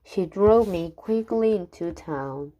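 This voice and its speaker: Woman reading rhyming kids' poems aloud; lowish voice, very slow, the odd stumble and restart. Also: animated, warm tone, muffled recording. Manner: unhurried, with occasional stumbles and restarts. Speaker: reader.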